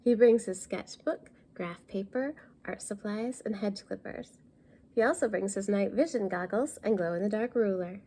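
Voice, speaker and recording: A woman reading a picture book aloud at a library storytime, pausing to explain words for young listeners. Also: medium pitch, warm tone.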